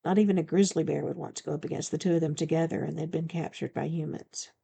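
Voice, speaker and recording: A woman author reading her own novel aloud as an audiobook, in a steady, even storytelling manner. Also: deep voice, fast talker, vocal fry, slightly rough. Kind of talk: audiobook narration.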